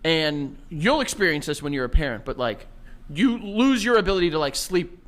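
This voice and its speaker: A man's voice: fairly high pitch, normal speed. A young man hosting a casual podcast chat, telling stories with lots of laughter and acting out what people said. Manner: animated, laughs often, acts out quotes. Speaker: podcast host.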